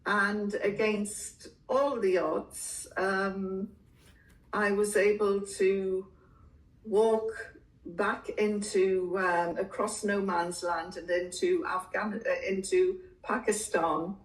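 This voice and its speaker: An older woman from England, a guest in an interview, telling her story in a slow, measured way with the odd laugh. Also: mid-range voice, steady tone, roomy sound, distant mic, rough recording.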